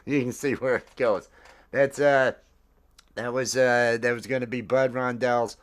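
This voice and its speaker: A man's voice: medium pitch, fairly even intonation, measured pace, smooth. A man in his thirties hosting a casual live-stream chat, rambling with many fillers and restarts. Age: 30s. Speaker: livestream host.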